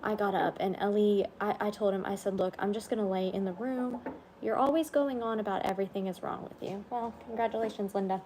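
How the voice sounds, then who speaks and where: A woman's voice: medium pitch, steady tone, a little fast, background noise. A woman chatting on a casual livestream, tired and under the weather, rambling and yawning. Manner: rambling, yawning, soft-spoken asides. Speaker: vlogger on a livestream.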